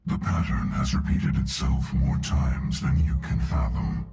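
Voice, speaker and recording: An actor playing an ancient, arrogant male machine overlord in a video game, speaking in slow, ominous pronouncements through a heavy echo effect. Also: warm tone, soft background music, heavily acted. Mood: menacing. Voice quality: deep gravelly reverberating voice.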